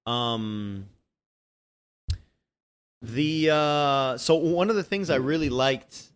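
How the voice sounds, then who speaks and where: A man co-hosting a casual film review chat, relaxed and quick to laugh, swearing casually and acting out bits he remembers. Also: medium pitch, clean tone. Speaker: podcast co-host.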